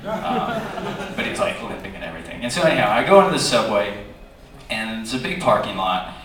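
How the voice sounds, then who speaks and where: An animated male panel guest tells a chatty story to an audience, his voice bright and forceful, swooping up and down in pitch. The recording is distant and very echoey, caught from the crowd in a large hall with faint ambience behind. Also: fairly quick, a little hiss or hum. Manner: animated, chatty, with many fillers and lively jumps in pitch. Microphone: recorded from the audience, far from the speaker.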